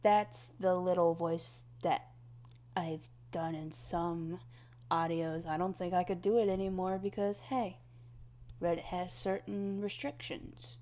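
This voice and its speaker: Slow, low-pitched woman rambling casually. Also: steady tone, warm tone. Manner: meandering and self-deprecating, with frequent restarts. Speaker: erotic audio performer. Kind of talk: casual rambling monologue answering a questionnaire.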